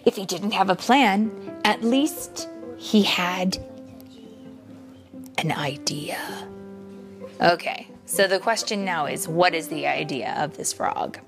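A woman's voice: on the low side, slow, gravelly, pauses often, over music. A woman reading a picture book aloud to children, stopping often to chat and explain. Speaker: storyteller.

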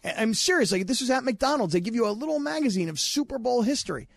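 A man's voice: very high-pitched, expressive, fast, vocal fry, no room sound, studio quality. A man hosting a sports talk show, rambling and teasing his co-hosts in casual banter. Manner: rambling, questioning, playful.

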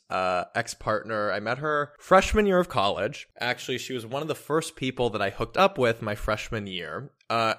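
A man's voice: mid-range voice, fairly bright tone. A man being interviewed as a guest author, telling his story frankly and conversationally, with wry asides.

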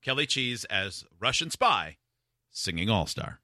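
A man's voice: fairly low pitch, big pitch swings, a little slow, sharp tone, no room sound, studio quality. A man hosting a radio show, bantering and teasing his co-hosts. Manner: teasing, directs the bit. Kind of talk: casual studio banter.

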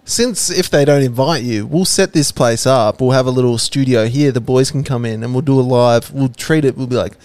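An Australian man co-hosting a podcast, firing off quick quips and playful questions in casual banter. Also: medium pitch, a little mellow, clean tone, no echo. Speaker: podcast co-host.

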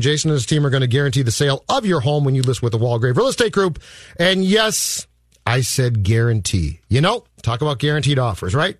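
Male sports radio co-host, blunt, a bit high-pitched, dry studio. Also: very animated, brisk, dry recording. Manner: blunt, opinionated, salesy on ads. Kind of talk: sports talk radio banter and live ad read. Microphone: studio microphone.

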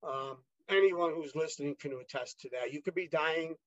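A man as a podcast guest telling his own story in a casual, halting way, with many fillers and restarts. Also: fairly high pitch, no room sound, lo-fi sound.

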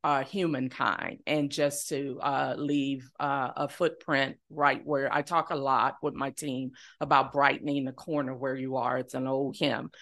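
A woman's voice: a bass voice, flat delivery, a little slow, hardly any pauses, a bit bright. A middle-aged woman from New Orleans, a nonprofit chief executive, giving earnest interview answers in repeated, rhythmic phrases. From New Orleans, United States. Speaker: nonprofit CEO, podcast guest.

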